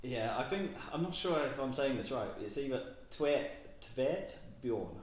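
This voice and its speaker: A man's voice: medium pitch, lively intonation, moderate pace. A young English man chatting on a podcast, rambling with lots of fillers and frequent giggles. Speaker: podcast co-host. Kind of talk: casual podcast chat. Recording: echoey room.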